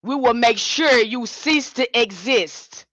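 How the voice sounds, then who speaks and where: Fiery, forceful woman preaching. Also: on the high side, lively intonation, takes it slowly, no echo, highs cut off. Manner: fiery, confrontational, repetitive. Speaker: spiritual teacher. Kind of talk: impassioned livestream sermon.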